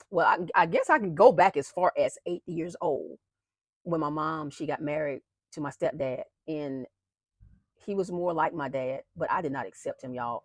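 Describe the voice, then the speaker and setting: A woman with a fairly low voice shares a personal faith testimony straight to her viewers. She speaks earnestly, repeats key phrases for weight and calls her audience "y'all." The sound is close and dry. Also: no echo. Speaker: founder of an abuse-awareness movement, host.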